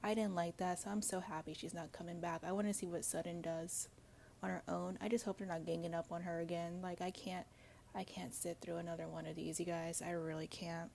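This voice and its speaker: Woman host, gravelly mellow voice, blunt gossipy solo commentary. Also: lowish voice, level tone, brisk, slight background noise. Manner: blunt, gossipy, swears freely; chatty with frequent fillers and asides. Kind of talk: casual solo commentary to viewers.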